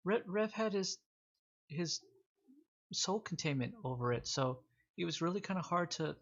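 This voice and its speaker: Guy doing a hesitant soft-spoken woman in a tabletop game, lo-fi audio. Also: on the low side, animated, normal speed, voice pushed up. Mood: uncertain. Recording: dull lo-fi audio.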